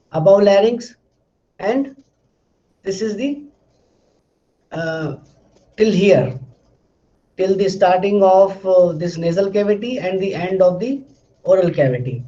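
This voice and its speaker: A man with a fairly high yet mellow voice explains in a steady lecturing tone and often pauses on "uh" while repeating phrases. The recording is dull and lo-fi, like a plain classroom capture.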